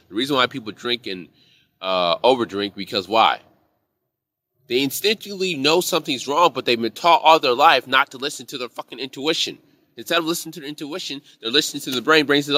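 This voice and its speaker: A man's voice: mid-range voice, a little fast, bright, forceful tone, no echo. A man teaching a casual live class on intuition, telling rambling, profane stories from his bar job in a heated way.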